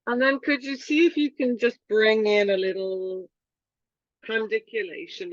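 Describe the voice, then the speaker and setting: A woman yoga teacher gently guiding a slow movement class in a room with a wooden floor. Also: a little high, fairly even intonation, dry recording, dull audio.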